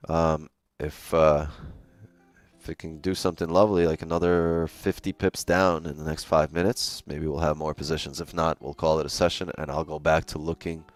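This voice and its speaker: A man's voice: very deep voice, level tone, normal speed. A man hosting a live trading stream, chatting casually while he reads the charts, laid-back and joking. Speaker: trading livestream host.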